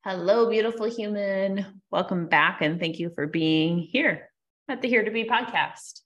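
A woman's voice: medium pitch, unhurried, highs cut off. A woman hosting her own podcast, talking candidly and searchingly through her own questions in a reflective solo monologue. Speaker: podcast host.

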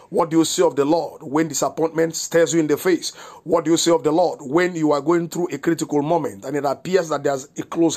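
Husky-voiced man preaching a devotional. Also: fairly high pitch, a little mellow. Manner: earnest rhetorical preaching with repeated questions. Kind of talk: devotional sermon broadcast.

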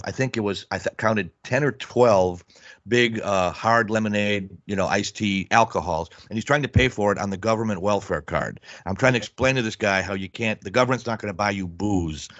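A man in his fifties with a lowish voice tells blunt, rambling stories as a comedian guest. The sound is dry and close, with a dull, muffled tone. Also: moderate pace, no room sound. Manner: rambling, blunt, animated storyteller. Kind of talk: casual storytelling interview.

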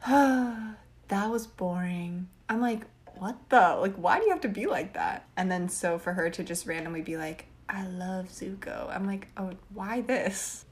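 A young woman in a casual podcast chat, loose and animated. She curses freely and throws herself into over-the-top impressions of the characters. Her voice sits at an ordinary middle pitch for a woman. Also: a little slow. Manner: animated, swears freely, dramatic quote impressions. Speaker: podcast co-host.

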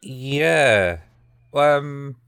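A man's voice: medium pitch, lively intonation, drawn-out words, a bit bright, smooth, no room sound, studio quality. A man casually recapping anime episodes as a podcast co-host, rambling and acting out the characters' lines.

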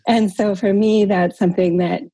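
A woman leads a group call in a casual coaching manner. Her voice is breathy and warm-toned, and the sound is dry and close. She keeps things encouraging, tagging her points with a questioning "right?". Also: mid-range voice, steady tone, moderate pace, dry recording. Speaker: workshop leader on a group call. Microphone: call audio.

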